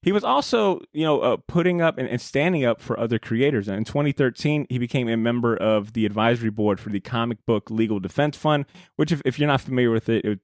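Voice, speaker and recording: A man's voice: medium pitch, no echo, clean studio sound. A young man hosting a comic book podcast, talking casually with profanity, many fillers and frequent laughter. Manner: rambling, profane, laughs often. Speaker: podcast host. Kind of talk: casual chat. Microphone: studio podcast mic.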